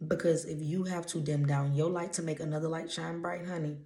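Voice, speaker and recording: A woman's voice: sits low, little pitch movement, fairly quick, warm tone, reverberant. A woman from Louisiana, speaking with a Louisiana accent, gives blunt, preachy motivational readings to her viewers. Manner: emphatic, preachy, blunt with casual swearing. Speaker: intuitive energy reader. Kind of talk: motivational channeled-message vlog.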